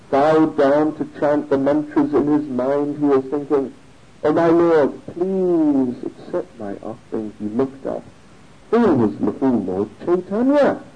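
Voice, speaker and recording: A man tells a religious story in a sermon, animated and often chuckling. His voice is fairly high, with a very lively pitch, and he speaks slowly and mellowly. The recording sounds dull and lo-fi.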